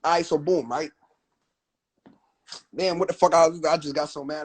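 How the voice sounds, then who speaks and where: A man's voice: fairly high pitch, steady tone, moderate pace, low-quality recording. Profane young man ranting on a livestream. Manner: profane, rambling, venting, trailing off. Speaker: rapper on livestream. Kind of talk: livestream rant.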